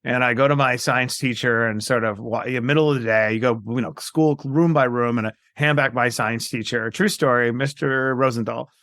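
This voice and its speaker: Gravelly-voiced storytelling man. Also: mid-range voice, moderate pace, hardly any pauses, no room sound. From New York, USA. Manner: animated, acts out quoted voices. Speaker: guest. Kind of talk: storytelling interview.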